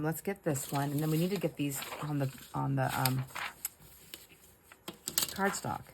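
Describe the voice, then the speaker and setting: Against a noisy background, a middle-aged American woman with a low voice chats casually while crafting for her vlog. She tells stories and keeps laughing and making asides to her viewers.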